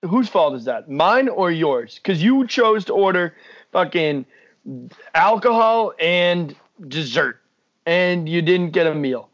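A man's voice: sits high, expressive, takes it slowly. A young man co-hosting a casual sports podcast, blunt and ranting, swearing freely. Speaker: podcast co-host. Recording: dull lo-fi podcast mic.

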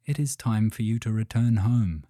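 Brief: mellow, unhurried wise spirit voice for a storybook, dry close sound, read by a man. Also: lowish voice, no echo, lightly acted. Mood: soothing. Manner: slow, soothing, gentle. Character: wise soothing ancient voice, spirit-like.

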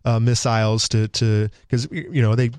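A man's voice: mid-range voice, steady tone, moderate pace, darkish tone, clean tone, dry recording. Sardonic male radio co-host. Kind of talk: casual radio talk.

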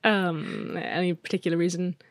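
A woman's voice: lowish voice, fairly even intonation, no room sound, clean studio sound. A woman co-hosting a casual podcast, playfully teasing as she tells a spooky story. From England. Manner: playful, teasing, dramatic pauses. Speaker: podcast co-host.

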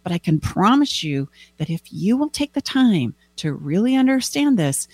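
A woman's voice: moderate pace, husky, dry recording. A woman coaching on relationships and communication, acting out quoted dialogue with big leaps in her voice. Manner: animated, acts out quoted dialogue with big pitch jumps. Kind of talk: teaching talk with acted examples.

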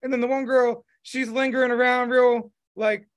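A man's voice: very high-pitched, little pitch movement, normal speed. A man hosting a podcast, chatting casually in a rambling way with lots of fillers and restarts. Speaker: podcast host. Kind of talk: casual chat.

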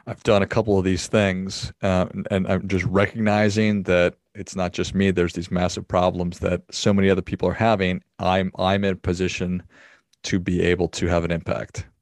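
A man hosting an interview, asking long questions in measured, halting phrases. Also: sits low, no room sound, studio quality. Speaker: podcast host.

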